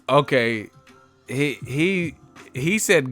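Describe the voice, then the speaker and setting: A man's voice: medium pitch, animated, very slow, soft background music. A man hosting a casual live stream, reading chat messages and mocking viewers, profane and laughing often. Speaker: boxing live stream host.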